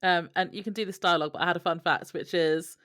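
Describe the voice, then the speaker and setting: A woman's voice: on the low side, steady tone, fast, fairly bright tone. A woman co-hosting a podcast in casual chat, laughing often as she shares behind-the-scenes trivia. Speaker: podcast co-host.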